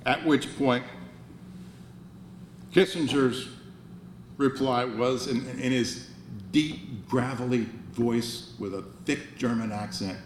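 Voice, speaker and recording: A man's voice: medium pitch, slow, pauses often. A man in his sixties giving a motivational speech at a banquet, earnest and wry, often restarting his phrases. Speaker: banquet speaker. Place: banquet hall. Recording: roomy hall, faint noise.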